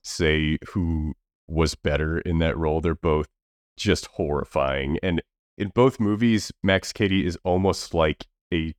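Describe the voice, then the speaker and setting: A very deep-voiced man, speaking a little slowly, co-hosts a podcast where he chats casually about films. He rambles, using lots of fillers and restarts, and the recording is dry and studio quality.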